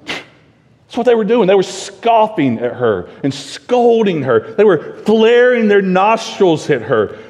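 A male pastor preaching a sermon, emphatic, full of rhetorical questions, swinging between loud and hushed. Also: high voice, sing-song, slow. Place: church sanctuary. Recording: long reverb of a church sanctuary.

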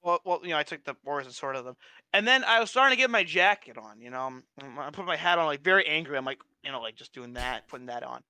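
A young man co-hosting a casual podcast, telling stories in an animated, profane way with frequent restarts. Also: on the high side, fast, clear, resonant tone, no room sound. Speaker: podcast co-host. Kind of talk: casual chat.

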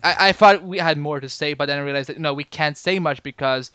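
A man hosting a podcast in casual chat, talking in halting bursts with lots of restarts and fillers. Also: on the high side, bright, forceful tone, clear, resonant tone, no echo. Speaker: podcast host.

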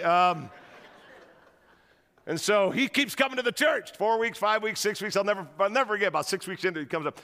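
A man preaching a sermon to a church crowd, telling stories in an animated way and rousing the audience, in a large auditorium. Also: sits high, fairly quick, long reverb tail. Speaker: guest pastor.

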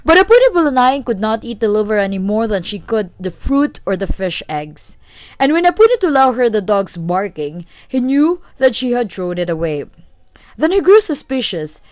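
A woman narrating a folk tale in a steady, clear read-aloud manner. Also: medium pitch, moderate pace, no room sound. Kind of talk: storytelling narration.

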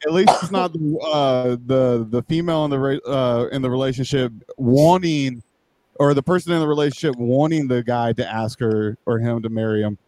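A man's voice: mid-range voice, normal speed, mellow, no room sound. Rambling, laughing man in casual chat. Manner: rambling, profane, laughing through jokes. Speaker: podcast co-host.

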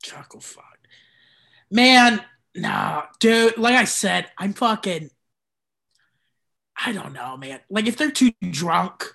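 A stand-up comedian chatting casually on a podcast, telling slangy, laid-back stories and acting out little bits. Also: male voice, high-pitched, animated, takes it slowly, gravelly, pushed and bright.

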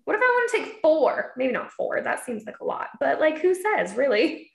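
A woman with a fairly high voice talks casually and laughs often, acting out other people's lines in a lively, exaggerated way. The room around her rings with a noticeable echo. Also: normal speed, vocal fry. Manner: giggly, animated, acts out quotes in a high voice. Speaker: mom and podcast guest. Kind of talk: casual chat. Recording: echoey room.

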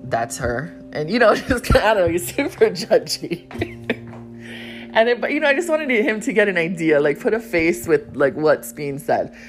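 A woman's voice: medium pitch, lively intonation, moderate pace, soft background music. A woman hosting her own podcast, telling a story in a blunt, profane, casual monologue from home. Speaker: podcast host.

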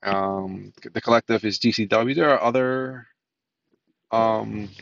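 Gravelly low-voiced man rambling on a podcast. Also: steady tone, slow, no room sound, dull audio. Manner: rambling, many ums and restarts, swears casually. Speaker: podcast host. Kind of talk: solo casual podcast commentary.

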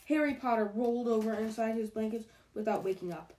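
Storybook reader, woman, mellow warm tone, steady pace, rereads stumbles. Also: a little high, rough recording. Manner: steady, unhurried, rereads slips. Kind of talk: storybook read-aloud.

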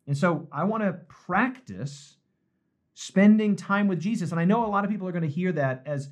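A pastor with a high-sitting voice speaks at normal speed in a devotional discussion streamed live online. He is earnest and reflective, often repeating phrases for emphasis.

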